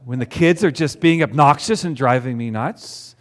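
Man, pastor, sermon to a congregation, conversational, rhetorical questions, mid-pitched. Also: a little fast. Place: church before a congregation.

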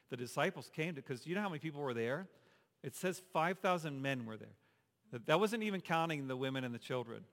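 A man's voice: medium pitch, fairly bright tone, long reverb tail. A male pastor preaching a sermon in a conversational way, asking the congregation rhetorical questions, in a church sanctuary.

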